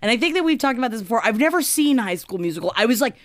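A woman's voice: a little high, rapid-fire, no echo, studio quality. A woman co-hosting a casual comedy podcast, joking and swearing as she runs through a list. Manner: swearing, animated, jokey. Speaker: podcast co-host presenting the list.

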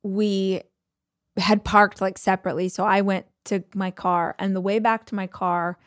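A woman's voice: medium pitch, fairly even intonation, normal speed, no room sound, studio quality. A woman hosting a podcast, telling a personal story in a conversational, emotional way with many fillers. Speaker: podcast host.

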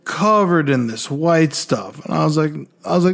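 A young man co-hosting a podcast, telling stories casually in an animated, profane way and acting out other people's voices. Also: on the high side, moderate pace. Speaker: podcast co-host. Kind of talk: casual storytelling.

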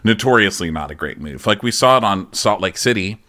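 A man's voice: animated, a little fast, sharp tone. A man co-hosting a casual comedy podcast, recapping a reality show and acting out the cast's lines in mocking voices. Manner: jokey, acts out quotes in high mocking voices. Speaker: podcast co-host.

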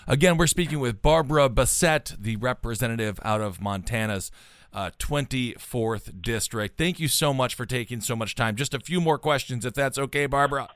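Smooth-voiced joking male host, dry sound. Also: medium pitch, normal speed, fairly bright tone, no room sound. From Wisconsin. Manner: playful, jokey asides. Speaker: show host. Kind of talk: casual interview chat.

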